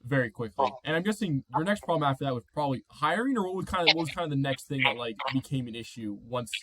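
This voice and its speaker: A man's voice: medium pitch, animated, fast, a loud crowd, low-quality recording. A man interviewing a business owner, asking casual questions with loose, filler-heavy phrasing.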